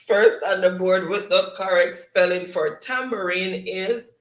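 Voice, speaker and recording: A man's voice: high voice, unhurried, hardly any pauses, fairly bright tone, reverberant. A man with a Jamaican accent co-hosting a live stream, reading viewer comments aloud with frequent laughs. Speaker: live show co-host reading chat. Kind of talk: casual live-stream chat.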